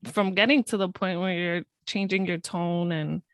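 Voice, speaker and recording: A woman's voice: fairly low pitch, steady tone, normal speed, no room sound, clean studio sound. A young adult woman co-hosting a parenting podcast, talking in a chatty, easygoing way in casual conversation. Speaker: podcast co-host.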